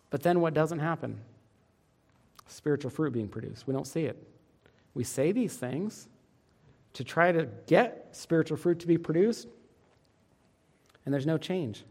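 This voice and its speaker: Man, pastor, sermon, earnest and emphatic, fairly high voice. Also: animated, moderate pace, long pauses, darkish tone, breathy edge. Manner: earnest, emphatic preaching with quoted parent voices.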